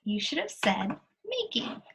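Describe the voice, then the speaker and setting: A woman teacher, recorded while screen-sharing, slowly and patiently walks students through worksheet answers step by step in a lesson walkthrough. Her voice is high-pitched and very animated, with vocal fry and background noise.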